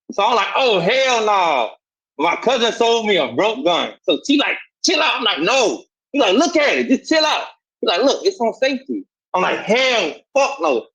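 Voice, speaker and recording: Southern man, husky voice, animated storytelling, slightly high, dull lo-fi sound. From Savannah, Georgia. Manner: animated, acts out voices in quotes. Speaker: guest telling his life story. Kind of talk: casual storytelling.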